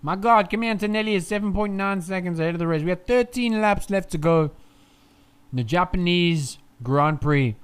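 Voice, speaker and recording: A man giving casual live race commentary, chatty, swearing freely and moving between laid-back chatter and excited shouting. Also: high-pitched, normal speed, clean tone.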